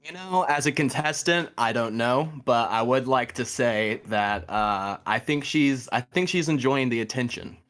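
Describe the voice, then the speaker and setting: A man's voice: mid-range voice, unhurried, few pauses, fairly bright tone. A young man in a mid-range voice jokes his way through a casual live show as a guest. He tells stories against himself with easy, self-deprecating humor. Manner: joking, self-deprecating storyteller.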